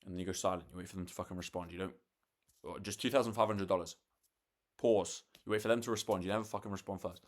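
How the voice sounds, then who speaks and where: A young man with a lowish voice talks casually to camera late at night. He swears freely and restarts sentences, slipping into mock sales-call lines. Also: steady tone, fast talker. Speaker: vlogger.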